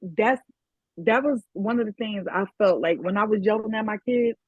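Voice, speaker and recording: A woman's voice: medium pitch, moderate pace, dry recording. A woman speaks candidly about her parenting on a casual podcast panel. Her voice comes through dry, close and a little dull, like a lo-fi recording. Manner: candid, relaxed recollection with quoted asides.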